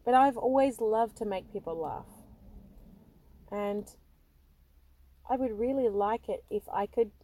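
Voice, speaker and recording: A woman's voice: on the high side, measured pace, long pauses, warm tone, no room sound. Nervous, laughing woman confiding stories. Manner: self-deprecating, laughs often, nervous restarts. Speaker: podcast host. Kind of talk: personal storytelling monologue.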